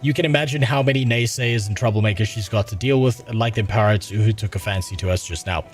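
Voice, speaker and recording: A man reading a gruff sailor's lines aloud in a put-on folksy drawl. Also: lowish voice, quick pace, faint music behind, close to an everyday voice. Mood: storytelling.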